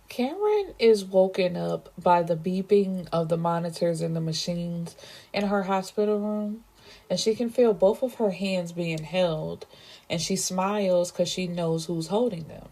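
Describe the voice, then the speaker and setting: A woman book reviewer casually recapping a novel, chatty and emphatic, reacting out loud to the story. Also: lowish voice, unhurried, creaky.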